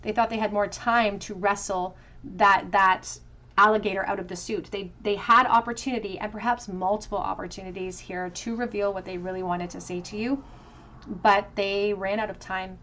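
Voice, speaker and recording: A woman's voice: medium pitch, fairly even intonation, normal speed. A woman giving a tarot pick-a-card reading, musing aloud over each card with casual fillers. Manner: musing, talks through card meanings with soft fillers. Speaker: tarot reader.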